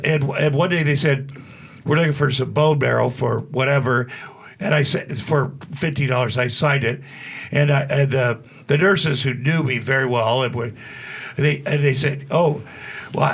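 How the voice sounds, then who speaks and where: A man's voice: medium pitch, gravelly. A man in his sixties, a podcast guest, telling long rambling stories with restarts and acted-out quotes. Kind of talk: casual storytelling.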